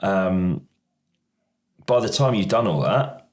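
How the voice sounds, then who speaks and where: A middle-aged man from the UK co-hosting a podcast, talking in a loose, rambling way. His voice sits very low, and he keeps restarting his sentences and poking fun at himself. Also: animated, slow. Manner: rambling, self-deprecating, restarts a lot. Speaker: podcast co-host. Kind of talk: casual chat.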